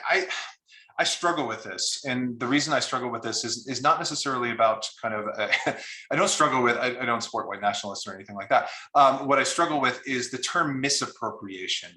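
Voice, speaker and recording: A man's voice: mid-range voice, bright, forceful tone, echoey room. A man, an author taking audience questions, speaking conversationally with many fillers and restarts. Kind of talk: online Q&A discussion.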